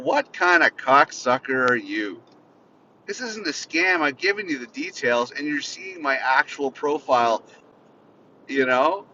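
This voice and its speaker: Profane ranting man in a car. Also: bright, forceful tone. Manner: profane, bitter, venting. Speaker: podcast host. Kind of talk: unscripted solo rant. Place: inside a car. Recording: slightly muffled, faint vehicle rumble.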